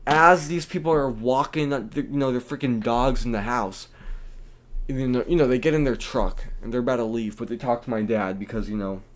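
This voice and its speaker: A man's voice: medium pitch, normal speed. Rambling young male streamer. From United States. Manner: rambling, animated, colorful slang. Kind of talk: casual storytelling. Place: at home, indoors.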